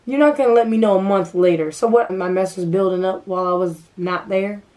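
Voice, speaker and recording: A young adult woman telling a storytime vlog in a casual, animated way, full of fillers, acting out what people said. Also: medium pitch, brisk, poor audio. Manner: animated, filler-heavy, acts out quoted dialogue. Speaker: vlogger.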